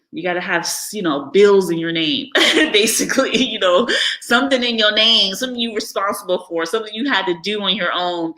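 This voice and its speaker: Over poor audio, a US-born vlogger who lives abroad streams an off-the-cuff monologue, her lowish voice carrying an African American English accent. Her tone is bright, forward and unfiltered, and she laughs often while acting out quick, animated impressions of others.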